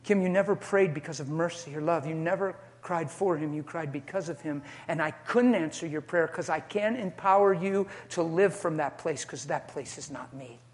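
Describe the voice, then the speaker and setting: Patient, tender God as a preacher voices him, quiet and measured. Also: male voice, fairly high pitch, close to an everyday voice. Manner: soft, calm, tender. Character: God, gentle and patient speaking to a woman.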